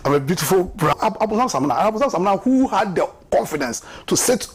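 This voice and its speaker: A man's voice: sits high, sing-song, quick pace, slight background noise. A man with a Ghanaian accent giving impassioned, mocking political commentary on a talk show, often repeating words for emphasis. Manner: impassioned, mocking, repeats words and laughs at his own jabs.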